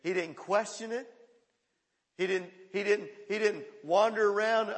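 A man's voice: high voice, normal speed. Emphatic preaching man in a reverberant hall. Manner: emphatic preaching, swings between loud calls and hushed quotes. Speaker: pastor. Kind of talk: sermon.

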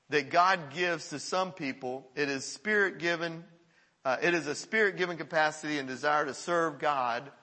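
A man's voice: fairly high pitch, pushed and bright. A man preaching a sermon as pastor, earnest and encouraging, laughing often as he talks to the congregation. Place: church service before a congregation. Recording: long hall reverb.

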